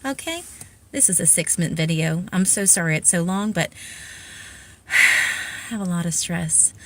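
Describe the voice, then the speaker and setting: A tired woman emergency room nurse, giving blunt, exasperated advice in an after-work vlog. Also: medium pitch. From Pensacola, Florida.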